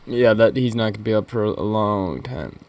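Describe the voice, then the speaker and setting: A young man co-hosting a podcast, telling crude stories in a halting, rambling way with many fillers and restarts. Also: on the low side, a little mellow. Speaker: podcast co-host. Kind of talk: casual crude banter.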